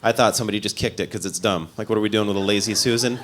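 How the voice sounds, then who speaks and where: A man's voice: fairly low pitch, fairly even intonation, rapid-fire, a bit bright, some chatter behind. A man from the American Midwest doing stand-up comedy, telling a story in a loose, self-mocking way with dry asides.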